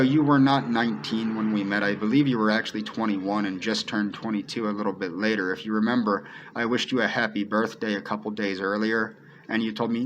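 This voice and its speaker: A man's voice: fairly low pitch, fairly bright tone, slight background noise, low-quality recording. A man giving an earnest personal monologue to camera, pleading and repeating himself as he addresses one person directly. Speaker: video creator.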